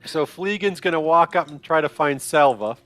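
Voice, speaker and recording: A man narrating as dungeon master of a tabletop game, in a relaxed, halting way. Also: a little high, dry recording, faint music behind.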